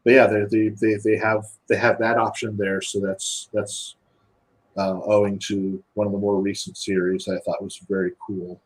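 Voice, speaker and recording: A man with a lowish, level voice and a breathy edge speaks at normal speed on a low-quality recording. He's a guest game designer on a podcast, casually explaining the rules while previewing a rulebook, often restarting and repeating words.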